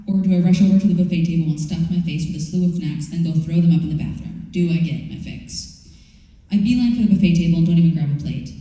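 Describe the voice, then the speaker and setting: A woman author reading from her memoir and then answering audience questions, in a candid, wry and expressive way. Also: sits low. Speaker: author at a campus book event. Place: large university event hall. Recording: echoey hall, far from the mic.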